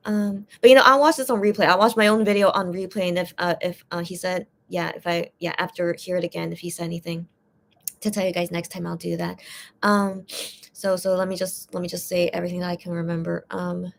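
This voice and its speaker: A woman's voice: on the low side, flat delivery, a little fast, creaky, slight background noise. A young woman fan chatting casually on her own live stream, rambling and hesitant as she retells and translates what was said. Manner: rambling, hesitant, repeats words often. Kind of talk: casual livestream chat.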